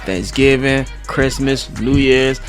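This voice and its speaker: A man co-hosting a radio chat show, talking in a casual, slangy, profane and animated way. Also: mid-range voice, slow pace, over music.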